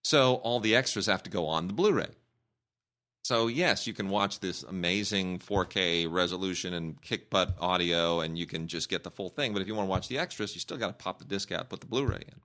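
A fairly low-pitched man with a bright, forceful tone chats about films on a review podcast. He talks in an opinionated, rambling way, often restarting his sentences. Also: fairly quick. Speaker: film critic co-host. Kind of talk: casual podcast review chat.

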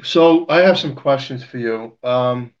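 A man's voice: medium pitch, unhurried, dull audio. A man interviewing a guest, pressing his questions and repeating key words.

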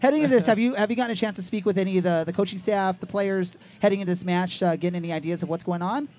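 A man hosting a live pregame soccer talk show from a stadium. He asks questions in an energetic, hurried way. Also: high-pitched, slight background noise. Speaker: podcast host. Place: outdoors at a stadium.

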